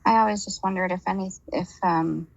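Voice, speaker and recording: A woman's voice: medium pitch, fairly even intonation, fairly quick, creaky, no echo, muffled recording. A woman receiving a reading, speaking hesitantly with many fillers. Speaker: client. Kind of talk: casual conversation.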